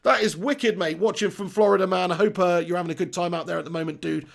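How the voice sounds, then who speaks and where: A man hosting a football live stream, chatty and upbeat, giving shout-outs to viewers. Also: high-pitched, steady tone, fast, creaky. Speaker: football channel host.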